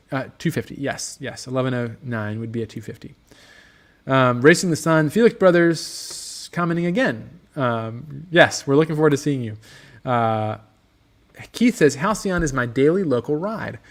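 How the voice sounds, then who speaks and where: In a motorcycle workshop, a man runs a laid-back livestream, going through viewer comments in a mid-range voice at normal speed. He meanders as he talks, often saying um and starting sentences over.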